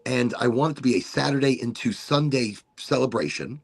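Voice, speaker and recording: A man's voice: medium pitch, brisk, husky. A man hosting a casual livestream talk show, rambling enthusiastically with playful asides. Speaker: podcast host.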